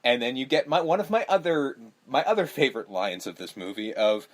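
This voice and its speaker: A man's voice: mid-range voice, fairly quick. A man hosting a podcast, casually recapping a horror movie with lots of swearing and acted-out lines. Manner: profane, animated, acts out movie lines. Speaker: podcast host.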